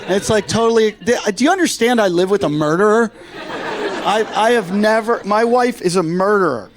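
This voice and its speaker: On a club stage, a middle-aged man does stand-up, telling his stories deadpan and lowering his voice for quoted lines. His voice is high and his delivery brisk.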